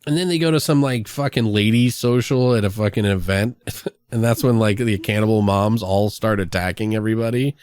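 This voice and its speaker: A man co-hosting a podcast, retelling a movie's scenes in a casual, excited way with lots of swearing and acted-out lines. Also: fairly low pitch, brisk, smooth. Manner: excited, profane storytelling, acts out film lines. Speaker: podcast co-host. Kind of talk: casual movie review chat.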